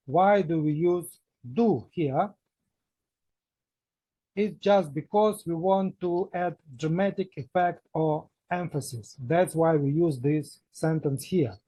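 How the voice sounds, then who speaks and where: A man's voice: high voice, warm tone, slightly rough, no echo, poor audio. A man teaching an English grammar lesson, patiently explaining step by step and repeating examples.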